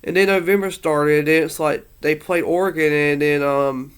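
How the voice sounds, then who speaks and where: A man's voice: a little high, fairly even intonation, moderate pace, clear, resonant tone. A man talking through a casual, rambling monologue about his team's season, earnest and a little emotional, full of fillers and restarts. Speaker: sports fan vlogger.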